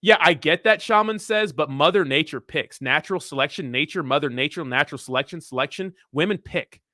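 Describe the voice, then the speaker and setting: A young man with a slightly high voice talks casually on a livestream, answering chat in a blunt, profane, rambling way full of fillers. He is close to the mic in a small, very dry room. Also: fairly quick, bright, forceful tone, no room sound. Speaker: crypto livestream host. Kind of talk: casual livestream chat reading viewer comments.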